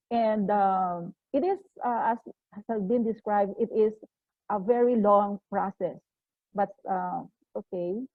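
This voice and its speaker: A woman's voice: on the high side, dry recording. A woman giving a formal technical presentation at a meeting, speaking hesitantly with many fillers and restarts. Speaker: conference presenter. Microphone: video call. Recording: tinny phone-like online call audio.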